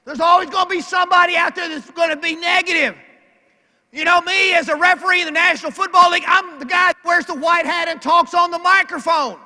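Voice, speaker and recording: An older man from Arkansas with a Southern accent, giving a folksy, emphatic motivational speech at a banquet and calling out his key lines loudly. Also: very high-pitched, fairly even intonation, brisk. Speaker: keynote speaker. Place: large banquet hall. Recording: echoey banquet hall with long reverb.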